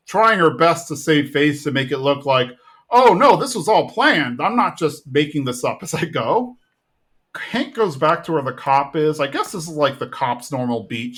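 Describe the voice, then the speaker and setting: Male podcast co-host, mid-pitched, loose and chatty, pops into higher voices for quoted lines. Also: fairly bright tone. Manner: retells scenes, acting out quotes in a raised voice. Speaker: podcast co-host recapping episodes. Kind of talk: casual recap chat.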